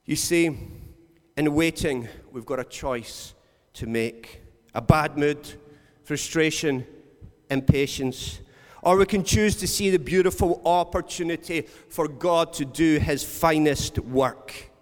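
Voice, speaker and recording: A man's voice: on the high side, takes it slowly. A man preaching a sermon, earnest and storytelling, repeating words for emphasis. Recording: long reverb of a large hall.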